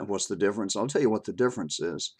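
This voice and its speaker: An older man with a low voice talks through his opinion in a homespun video monologue. He speaks haltingly, stopping on filler words and restarting his sentences, and chuckles now and then. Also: husky. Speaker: vlogger sharing his opinion.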